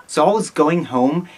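A man's voice: fairly high pitch, a little hiss or hum. A man voicing a gossipy young woman at a party, dramatic and chatty.

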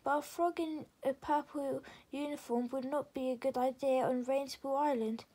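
A woman's voice: high voice, steady tone, normal speed, dark tone, close to an everyday voice. A woman doing a polite frog footman. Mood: formal. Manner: courteous, formal.

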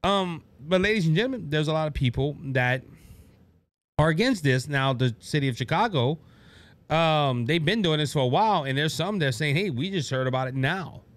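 Animated male conservative talk host. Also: a little high, normal speed, no echo. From Louisiana. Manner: animated, mocking quoted voices. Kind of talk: political commentary monologue.

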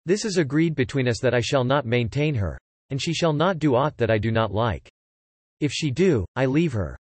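A man's voice: medium pitch, animated, moderate pace, no echo, natural voice. A man voicing a remorseful male ascetic sage in a read-aloud epic, speaking in solemn archaic phrasing. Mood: firm. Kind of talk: scripted epic narration.

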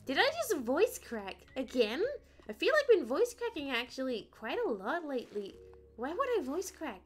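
A woman's voice: on the high side, very animated, unhurried, soft background music. A woman streamer chatting playfully and rambling as she plays, often singing little ditties to herself. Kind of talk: casual gameplay chat.

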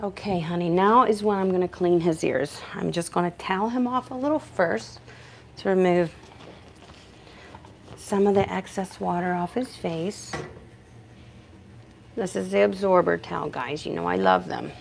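Gravelly-voiced woman demonstrating dog grooming. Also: fairly low pitch, lively intonation, moderate pace, pauses often, slight background noise. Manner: chatty, talks to the dog and to viewers. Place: indoor grooming shop.

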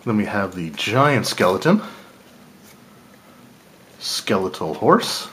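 A man's voice: lowish voice, slow pace, slight background noise. A man casually talking through an unboxing, thinking aloud and correcting himself as he goes. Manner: relaxed, thinking aloud, small laughs and self-corrections. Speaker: channel host reviewing game cards.

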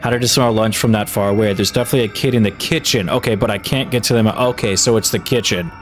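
A man commentating his own horror game playthrough, getting exasperated and shouting when things go wrong. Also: fairly low pitch, fast talker. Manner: exasperated, yelling in frustration. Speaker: gaming YouTuber. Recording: game music behind voice. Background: game music.

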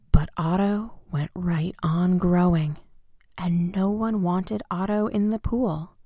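A woman reading a children's picture book aloud with gentle, expressive storytelling. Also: on the low side, no echo, studio quality. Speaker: storybook reader.

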